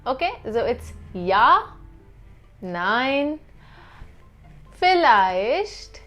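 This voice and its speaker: A woman teaches a beginner lesson, repeating each phrase patiently. She talks very slowly and carefully. Soft music plays faintly behind her. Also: a little high, sing-song. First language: not German. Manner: slow, repeats each phrase several times. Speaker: language teacher.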